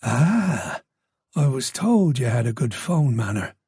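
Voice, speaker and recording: A man voicing a soft-spoken, menacing male caller with an Irish accent and a purring, soothing tone. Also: medium pitch, sing-song, slow, husky, no room sound, studio quality, exaggerated voice. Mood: menacing calm.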